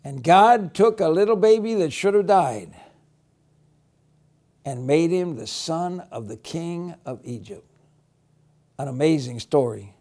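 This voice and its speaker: Soft-spoken, slightly high male children's teacher, gentle and reassuring. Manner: gentle, reassuring storytelling, softening to a hush. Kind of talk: children's Bible lesson.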